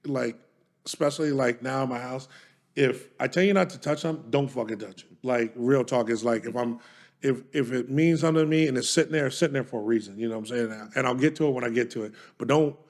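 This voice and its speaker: Guy on a podcast, gravelly voice, swears a lot, punchy storytelling. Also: medium pitch, fast, darkish tone. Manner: profane, storytelling, emphatic. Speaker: podcast co-host. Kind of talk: casual chat.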